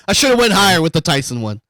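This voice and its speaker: Male podcast co-host, loose profane chatter full of laughs and "dude", bright lively delivery. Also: high voice, a little fast, dry recording, poor audio. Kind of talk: casual chat.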